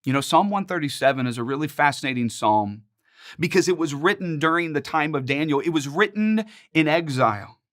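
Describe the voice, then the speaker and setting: A man in his forties teaching a Bible study series, earnest and emphatic, with measured, rhythmic pauses. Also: on the high side, lively intonation, fairly bright tone.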